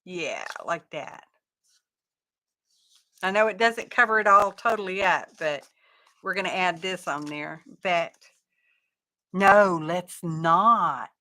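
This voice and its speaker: A woman's voice: lowish voice, takes it slowly, pauses often, sharp tone. A woman, chatting casually to viewers while she crafts on a live stream. She is self-deprecating and talks through each step as she works. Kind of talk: casual craft livestream chat.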